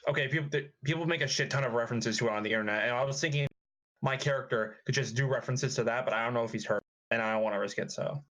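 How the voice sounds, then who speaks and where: A man chatting on an online voice call before an improv game, talking in halting restarts and swearing often. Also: mid-range voice, fairly bright tone. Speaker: improv player. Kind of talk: casual chat on a voice call. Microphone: online voice chat mic.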